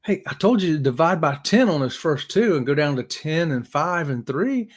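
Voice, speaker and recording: A man's voice: on the high side, lively intonation, moderate pace. A man hosting a live stream, chatting casually with viewers in an upbeat, joking, folksy way. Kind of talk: casual chat reading viewer comments.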